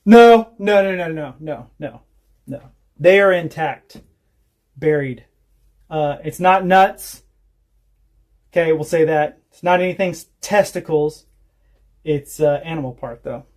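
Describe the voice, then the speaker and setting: A homestead vlogger on a casual livestream, this man speaks on the high side, slowly and with frequent pauses, in a darkish tone. He chats away, spinning rambling, profane stories punctuated by laughs.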